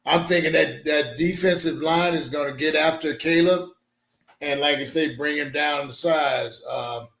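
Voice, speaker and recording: Gravelly guy, higher voice, confident picks, roomy echo. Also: a little slow, fairly bright tone. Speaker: guest panelist. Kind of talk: casual sports chat.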